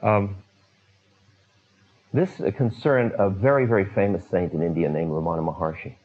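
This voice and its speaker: A man with a lowish voice tells spiritual stories to his listeners at an unhurried pace, pausing and filling gaps with ums. The recording is dull and lo-fi. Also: steady tone, husky. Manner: unhurried, many pauses and fillers. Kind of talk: storytelling talk.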